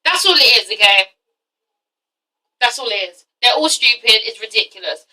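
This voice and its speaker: High bright-voiced woman ranting. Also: animated, moderate pace, distant mic, rough recording. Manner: blunt, profane, exasperated. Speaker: TV review vlogger. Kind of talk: casual ranting review.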